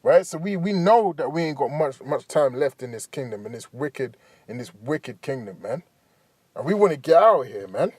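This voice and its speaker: A man's voice: medium pitch, expressive, moderate pace, darkish tone, breathy edge, no echo. A man preaching in a casual, street-style way, tagging "man, right?" onto nearly every phrase. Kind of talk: preaching commentary over a news clip.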